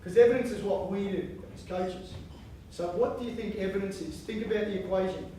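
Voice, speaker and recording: A man giving a lively conference keynote on coaching, chanting lines and acting out inner voices. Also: high-pitched, a little fast, slight background noise. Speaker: keynote speaker. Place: large conference hall. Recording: echoey hall from far off.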